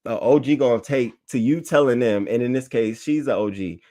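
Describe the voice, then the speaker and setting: Man, casual news commentary, slangy, animated, reads tweets aloud, talks to chat. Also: mid-range voice, brisk. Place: home setup, talking to chat.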